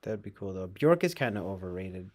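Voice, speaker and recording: A man's voice: big pitch swings, fairly quick, a little mellow. A man streaming live, reading news aloud and reacting with casual, sarcastic commentary. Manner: sarcastic, swings into mocking high voices.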